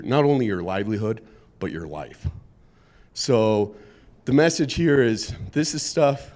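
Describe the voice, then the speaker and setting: A man who is a construction safety manager, presenting at a conference in a relaxed, conversational way with frequent fillers. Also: medium pitch. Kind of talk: conference presentation with a joke opener.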